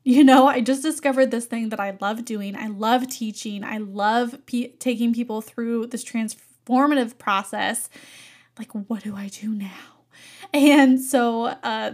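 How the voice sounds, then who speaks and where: A young woman, an art teacher, telling a personal story in an expressive, animated way and laughing often. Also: fairly high pitch, unhurried.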